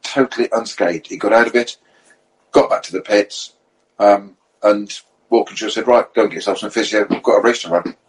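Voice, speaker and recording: A middle-aged man with a husky, slightly breathy voice, spinning racing yarns in casual podcast chat. He is a lively storyteller who puts on the voices of the people he quotes. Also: on the low side, a little fast, rough recording. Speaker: podcast panelist and racing driver. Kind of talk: anecdotal motorsport chat.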